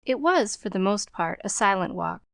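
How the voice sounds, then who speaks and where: A woman narrating a novel in a calm, measured storytelling voice. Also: mid-range voice, creaky, no echo, clean studio sound. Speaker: audiobook narrator. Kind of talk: scripted narration.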